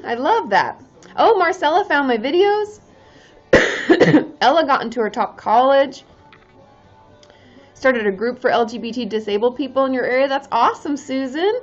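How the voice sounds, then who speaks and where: A woman's voice: on the high side, muffled recording. Bubbly woman chatting on a live stream. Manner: bubbly and chatty, frequent "um" and "like", cheering viewers on, swears casually. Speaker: therapist and live-stream host. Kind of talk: casual live-stream chat, reading viewer comments aloud.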